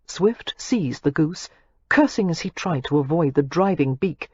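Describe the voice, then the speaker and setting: Husky, expressive woman narrator. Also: low-pitched, dry recording, muffled recording. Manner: expressive, measured storytelling. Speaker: audiobook narrator. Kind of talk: scripted romance narration.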